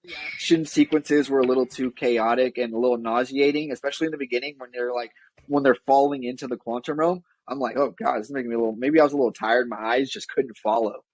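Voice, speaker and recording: A man's voice: mid-range voice, fairly even intonation, fast talker, dry recording, low-quality recording. A man co-hosting a podcast, chatting casually in a rambling, wry way and often correcting himself mid-sentence. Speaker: podcast co-host. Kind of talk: casual chat.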